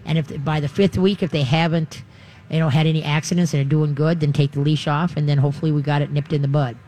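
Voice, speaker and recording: A man hosting a radio call-in show, giving folksy, animated advice on dog training. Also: on the high side, quick pace.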